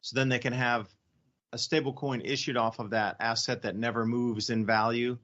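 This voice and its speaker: A man's voice: mid-range voice, level tone, normal speed, fairly bright tone. Rambling sarcastic male radio host. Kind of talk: casual radio talk. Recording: slightly dull lo-fi audio.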